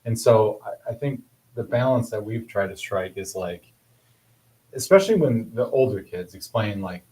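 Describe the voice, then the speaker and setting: A man as a podcast guest in casual conversation, halting and restarting his sentences as he thinks aloud. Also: lowish voice, expressive, a little mellow, slightly rough, rough recording. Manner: halting, restarts mid-thought.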